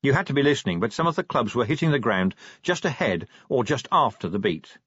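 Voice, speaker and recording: A man narrating an audiobook in a wry, expressive way. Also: mid-range voice, a little fast, slightly rough, no room sound. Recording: dull dry audiobook recording.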